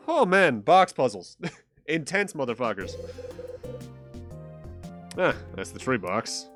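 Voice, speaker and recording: Man, streamer, casual game commentary, joking, profane, very animated pitch. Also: slow, faint music behind. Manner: joking, profane, with bursts of laughter. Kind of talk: casual let's-play commentary.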